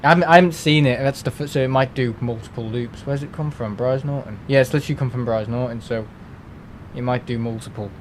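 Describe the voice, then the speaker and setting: A man live-streaming from home, excitable and quick to laugh and exclaim as he chats. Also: mid-range voice, slight background noise.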